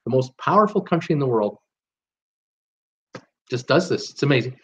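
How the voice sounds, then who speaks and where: A Canadian man hosts a live cruise channel, chatting casually on stream in a rambling way full of "uh"s and restarts. His voice is mid-range and fairly bright, very animated, at a normal speed.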